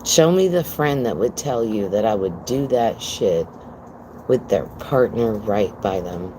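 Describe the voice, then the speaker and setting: A woman's voice: very deep voice, lively intonation, unhurried, mellow, slight background noise, low-quality recording. A woman livestreaming from home on her phone, telling a story to her viewers in a blunt, profane, emphatic way and calling them "girl". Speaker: livestream host.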